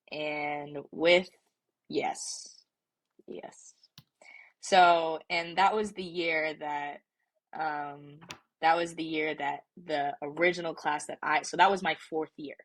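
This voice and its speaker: A woman's voice: on the low side, fairly bright tone. A young woman in her twenties, a soccer player and podcast guest, telling a story casually with many fillers and restarts.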